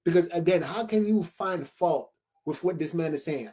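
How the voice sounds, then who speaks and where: A man's voice: a little high, normal speed, warm tone, husky. A man commentating on a video clip, making his case with emphatic rhetorical questions.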